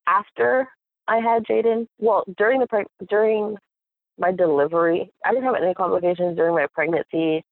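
A young woman telling a personal story in a casual chat, animated and acting out what others said, with frequent laughs. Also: fairly low pitch, dry recording. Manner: animated, acts out quoted voices, laughs often. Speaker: guest. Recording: tinny phone-like audio.

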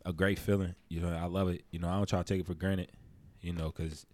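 A young man co-hosting a casual podcast, talking loosely about fatherhood and sometimes jumping into high, animated imitations. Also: quick pace, no echo. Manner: animated storytelling, slips into high mimicking voices. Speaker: podcast co-host.

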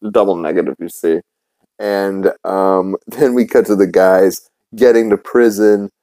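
A man's voice: low voice, steady tone, measured pace, dark tone, no echo. A man hosting a podcast, casually recapping a cartoon episode with lots of ums and uhs. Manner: rambling, many fillers. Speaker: podcast host.

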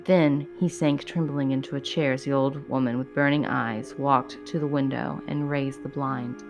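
A woman reading a horror story aloud in a steady, measured way, then chatting to her listeners. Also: a bass voice, music in the background.

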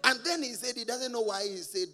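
A man preaching a sermon as a pastor, animated and often laughing at his own stories. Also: extremely high pitch, a little fast, in a large hall.

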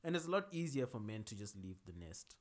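A man in casual chat who speaks calmly and explains his points step by step. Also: on the low side, brisk.

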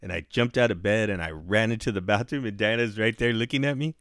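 A man's voice: on the low side, fast talker, fairly bright tone, dry recording, studio quality. A man casually telling a long story to a friend, rambling and swearing, full of "like" and "dude". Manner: profane, rambling, heavy with "like" and "dude".

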